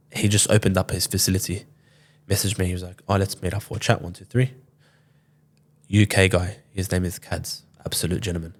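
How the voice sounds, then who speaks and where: Deep-voiced man in his twenties. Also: a little mellow. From Sydney, Australia. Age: 20s. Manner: loose, swears often, acts out quoted dialogue. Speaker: podcast guest, boxer. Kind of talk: casual storytelling interview.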